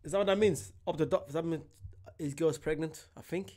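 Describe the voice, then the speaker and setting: A man's voice: fairly high pitch, a little fast, heavy background noise. An exhausted man giving casual reaction commentary as host, rambling and pleading with viewers.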